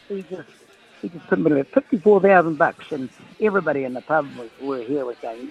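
A man's voice: fairly high pitch, fast, gravelly, husky, faint music behind. A man with a New Zealand accent calling in to a radio show, spinning a rambling yarn and acting out the voices of the people in it. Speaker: caller. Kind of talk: telling a story on a phone call. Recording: muffled phone line.

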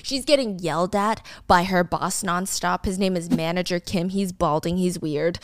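A woman's voice: on the low side, moderate pace, few pauses, no echo. A woman recapping a drama in casual commentary, chatty and wry, with lots of "like", on a close mic. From Korea.

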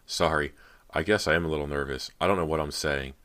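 A man voicing a nervous, eager teenage girl in an audiobook reading, pitching his deep voice up a little. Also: fairly even intonation, fast, fairly bright tone.

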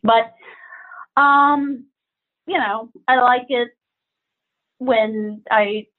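Husky, high-voiced woman on a phone line. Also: fairly even intonation, extremely slow. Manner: giggly, bashful. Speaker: podcast guest. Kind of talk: casual chat.

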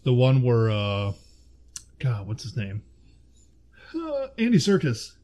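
A man's voice: medium pitch, wildly swooping pitch, takes it slowly, mellow. A man in casual chat, rating films with a friend, laughing often and searching aloud for names.

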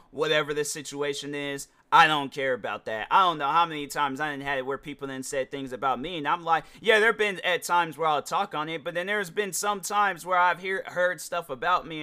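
A man's voice: on the high side, pushed and bright, clear, resonant tone. A young man hosting a podcast, talking casually in a rambling way, full of restarts and slang. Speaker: podcast host. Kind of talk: casual solo commentary.

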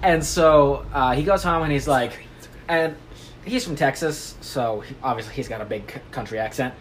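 A woman's voice: rumbling low, normal speed, slight background noise. A woman casually recapping a book on a podcast, joking and putting on voices for the characters. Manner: animated, jokey, puts on voices for characters. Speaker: podcast co-host recapping a novel. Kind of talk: casual chat, playful storytelling.

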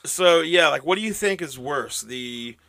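A man's voice: a little high, lively intonation, measured pace, vocal fry, bright, forceful tone, dry recording, clean studio sound. A man co-hosting a podcast, talking in a laid-back, joking way and stretching out his phrases. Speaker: podcast co-host. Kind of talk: casual chat.

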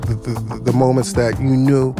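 A man from the United States tells an animated personal story, peppering it with "like". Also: mid-range voice, normal speed, creaky. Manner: animated, heavy use of 'like'. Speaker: storyteller guest. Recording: music playing underneath.

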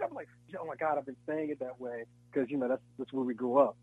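Man, actor, casual interview, husky, dry close sound, slightly dull audio. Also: on the high side, fast, no echo. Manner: animated storyteller, acts out voices and laughs often.

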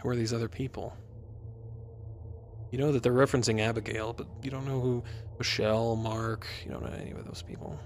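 Gravelly man running a tabletop game. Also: mid-range voice, flat delivery, fast talker, few pauses, slight background noise. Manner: casual, swearing, restarts sentences. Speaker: game master. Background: background music.

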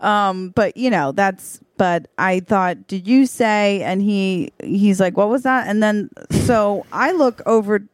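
A woman co-hosting a comedy podcast, improvising a story and acting out the quoted lines with lively energy. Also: mid-range voice, slow, few pauses, no echo, clean studio sound. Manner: animated, acts out quoted lines. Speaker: podcast co-host.

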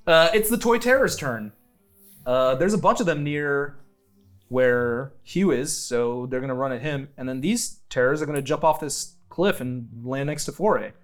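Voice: mid-range voice, moderate pace, soft background music. A game master narrating a tabletop game in a playful way, with lots of "uh" and "um". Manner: playful, animated narration with many fillers.

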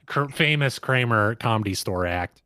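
A man's voice: medium pitch, lively intonation, normal speed, sharp tone, no room sound, studio quality. A man co-hosting a podcast, casually explaining plot points. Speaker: podcast co-host. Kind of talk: casual chat.

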